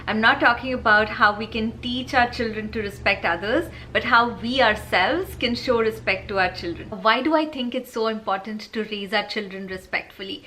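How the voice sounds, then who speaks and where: A woman's voice: on the high side, normal speed, few pauses, sharp tone, a little hiss or hum. A woman vlogging parenting advice in a casual, earnest, explanatory way, often checking in with "right?". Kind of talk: casual advice talk to camera.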